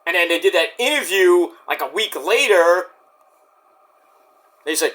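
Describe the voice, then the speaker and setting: A man's voice: high-pitched, lively intonation, a little slow, fairly bright tone. A man reviewing a wrestling show in casual chat, rambling, sarcastic and profane.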